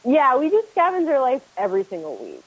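A woman's voice: high-pitched, wildly swooping pitch, brisk, no echo, low-quality recording. Chatty woman with a dry, close sound. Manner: chatty, laughs easily, lots of "like". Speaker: podcast guest, co-host of a reselling podcast. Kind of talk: casual chat.

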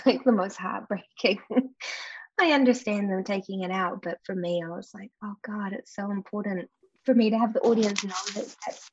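Her voice has a medium pitch with vocal fry and a breathy edge. This New Zealand-accented actress from New Zealand, a guest in a casual interview, talks openly, laughs frequently, and plays out the people she quotes, all on a muffled recording with no room sound.

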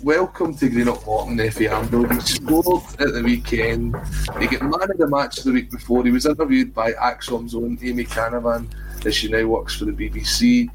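A man's voice: mid-range voice, normal speed, noisy background. A Scottish man hosting a football podcast, chatting casually with friendly, self-mocking banter. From Scotland. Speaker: podcast host.

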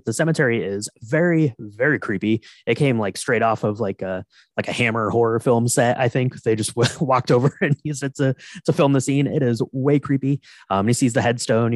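A man's voice: medium pitch, fairly quick, no echo. A man co-hosting a podcast, loosely recapping a film's plot with lots of fillers and amused asides. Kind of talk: casual chat recapping a film.

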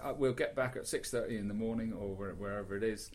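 A man's voice: on the low side, quick pace, darkish tone. A man hosting a casual football podcast, rambling with lots of fillers and restarts. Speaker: podcast host.

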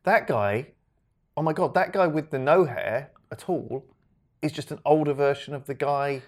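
A man co-hosting a podcast, chatting casually and making rambling jokes. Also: a little high. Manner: joking, rambling, quick to laugh. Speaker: podcast co-host. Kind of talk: casual chat.

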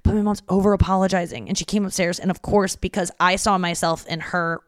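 A woman's voice: fairly low pitch, fairly even intonation, brisk, no echo, studio quality. A woman hosting a comedy podcast alone, rambling casually from home with plenty of swearing and acted-out conversations. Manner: rambling and profane, acts out conversations. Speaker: podcast host. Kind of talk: casual solo comedy monologue.

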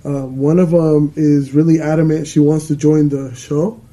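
A man's voice: on the high side, little pitch movement, moderate pace, warm tone. A man hosting a casual podcast, joking and swearing freely with his co-host.

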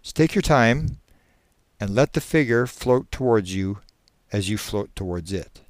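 A man voicing a calm hypnotherapist who reassures a subject and turns forceful when pressing for answers. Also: lowish voice, a little slow, no echo, clean studio sound. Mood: reassuring. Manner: steady, reassuring, at times forceful.

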